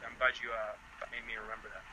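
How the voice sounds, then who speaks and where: A young man telling a story as a podcast guest, animated and laughing often. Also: fast, rough recording. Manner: animated, laughing often, voice jumping high in quotes. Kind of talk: casual storytelling chat.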